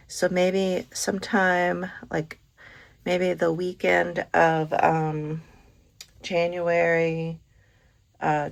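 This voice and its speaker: A woman, hosting a casual craft unboxing vlog, gushing over each item with soft asides. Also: deep voice, vocal fry, dry recording. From Kentucky. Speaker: craft channel host.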